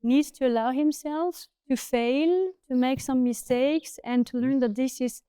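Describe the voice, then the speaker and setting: A woman with a French accent, a horse trainer talking casually in English, pausing often to find her words. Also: sits high, steady tone, dark tone, clean tone, dry recording. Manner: thoughtful, searching for words with many "uh" pauses. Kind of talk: casual conversation.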